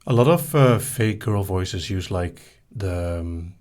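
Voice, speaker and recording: A man hosting a live hypnosis stream, casually reading viewer questions aloud and answering them in a soft, easygoing way. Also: deep voice, a little slow. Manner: soft-spoken, easygoing, reads each question aloud then answers briefly.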